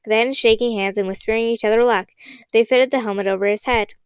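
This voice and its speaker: A woman narrating a children's audiobook in an expressive, dramatic reading. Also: on the high side, brisk, clean tone, no room sound.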